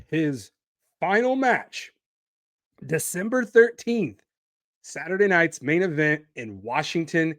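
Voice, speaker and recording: A man's voice: a little high, fairly bright tone, dry recording, studio quality. A man hosting a solo wrestling podcast, talking animatedly and stretching out names for emphasis. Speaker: podcast host.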